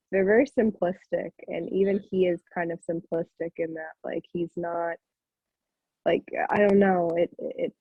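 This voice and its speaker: A woman's voice: lowish voice, slightly rough, no echo. A woman in a casual book club discussion, hesitant and searching for her words. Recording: tinny dry phone-like line.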